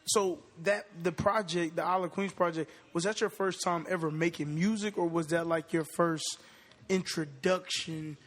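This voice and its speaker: A man's voice: fairly high pitch, fairly even intonation, normal speed, fairly bright tone. A man hosting a podcast, asking loose, rambling questions with lots of "like" and "right, right". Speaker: podcast host. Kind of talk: casual interview chat.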